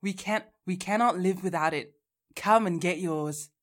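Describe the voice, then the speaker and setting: A woman reading ad lines in a put-on Australian accent, with a flat, understated delivery. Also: on the low side, unhurried, lightly acted. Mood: deadpan. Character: woman doing a city Australian ad read.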